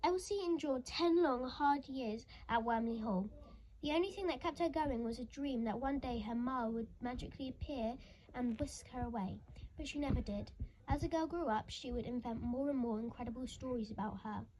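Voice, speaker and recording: A woman narrating a children's storybook, expressive and dramatic, dropping into hushed whispers. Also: a little high, moderate pace, a little hiss or hum, poor audio. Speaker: audiobook reader.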